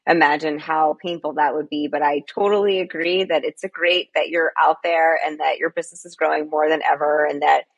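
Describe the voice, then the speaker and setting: A woman's voice: low voice, fairly even intonation, a little fast, few pauses, no echo, lo-fi sound. A woman panelist and book co-author, responding empathetically in a discussion.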